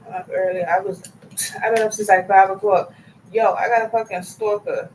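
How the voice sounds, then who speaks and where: A woman's voice: mid-range voice, steady tone, brisk, darkish tone, slight background noise, poor audio. Woman vlogger, casual chat to camera, profane and rambling, unfiltered.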